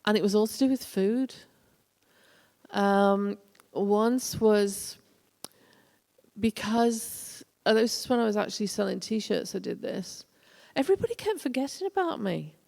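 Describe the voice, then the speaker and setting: Chatty woman with gravelly voice. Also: medium pitch, steady tone, slow pace, long pauses, darkish tone. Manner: chatty storyteller, acts out quoted voices. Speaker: guest speaker, former tour manager. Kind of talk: casual anecdotal lecture. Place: college lecture hall. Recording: echoey hall.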